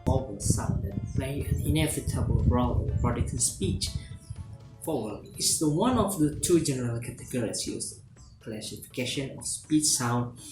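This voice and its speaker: Man reading a phonology lesson in an echoey room. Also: medium pitch. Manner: reads steadily from a script, with some halting restarts. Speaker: student presenting a class assignment. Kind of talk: read-aloud lesson presentation. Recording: roomy echo with faint music behind.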